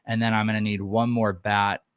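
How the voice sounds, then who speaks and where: A man hosting a casual podcast chat, thinking aloud with animated energy. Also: lowish voice, a little fast, clean tone, no echo, clean studio sound. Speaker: host.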